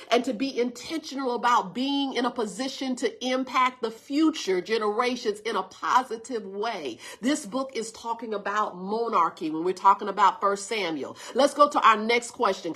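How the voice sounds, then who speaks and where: A pastor in her forties leads a livestreamed Bible study review, preaching with emphatic repetition. Her voice sits high for a woman, with a bright, forceful edge. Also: slightly rough. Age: 40s. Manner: emphatic preaching, repeats words, greets viewers, calls listeners "baby".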